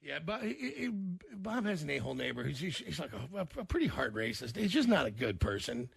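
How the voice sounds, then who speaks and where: A man's voice: on the high side, sing-song, brisk, vocal fry, slightly rough, dry recording, studio quality. A man hosting a morning radio show, telling a rowdy story with lots of restarts. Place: radio studio.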